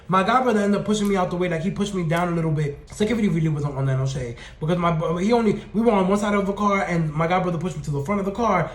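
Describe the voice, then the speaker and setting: A young man with a high voice tells his story at a rapid clip, full of slang and swearing. He sounds sassy and animated. The room echoes around him. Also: slight background noise. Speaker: storytime vlogger. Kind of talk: casual storytelling rant.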